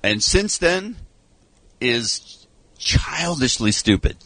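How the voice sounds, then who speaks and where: A man chatting casually on studio radio, wandering through long stories with a wry edge. His pitch rises and falls freely. The sound is close and dry. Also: very animated, drawn-out words, sharp tone, no room sound. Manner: wry, rambling storyteller. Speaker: radio show regular.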